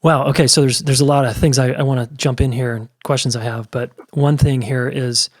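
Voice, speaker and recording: Male podcast host, reflective and affirming, middle pitch. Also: steady tone, brisk. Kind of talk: interview conversation.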